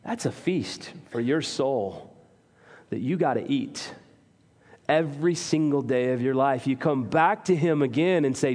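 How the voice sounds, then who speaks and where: A man's voice: mid-range voice, a little slow, darkish tone. A man preaching a sermon as a pastor, talking to his congregation in an earnest, conversational way with self-deprecating humor. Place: church sanctuary. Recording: reverberant hall.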